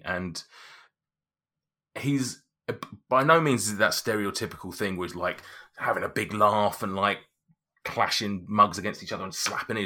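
A man's voice: on the low side, pushed and bright. A man narrating as game master, hesitant and full of restarts.

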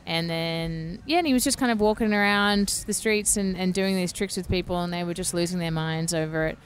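A woman's voice: lowish voice, fairly quick. Chatty woman on a podcast, lots of like and you know. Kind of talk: casual podcast chat.

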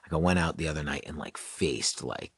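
A man's voice: extremely low pitch, fairly quick, husky, dry recording, studio quality. A man, a music producer and songwriter as a guest, telling a rambling story in casual conversation, full of "like" and restarts, acting scenes out now and then. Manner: rambling, heavy use of "like", many restarts; animated, acts out scenes with loud yelling.

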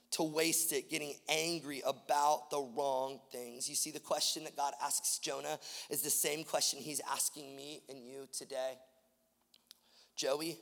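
A man preaching from a pulpit, his voice high and gravelly, impassioned and repetitive, dropping to a hush and then climbing loud. The sound carries the long reverb of a big church hall. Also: fairly even intonation, a little slow. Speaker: pastor. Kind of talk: sermon. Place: church auditorium.

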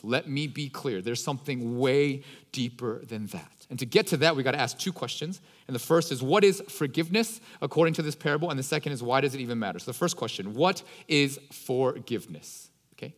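A man's voice: medium pitch, long reverb tail. A man preaching a sermon as a pastor, retelling a parable in a casual, slangy, conversational way.

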